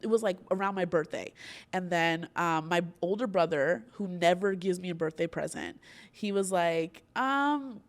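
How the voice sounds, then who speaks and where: A woman's voice: on the low side, brisk. Chatty young woman telling a story. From Orlando, Florida. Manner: chatty, many "like" fillers, laughs often. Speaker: podcast host. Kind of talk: casual storytelling chat.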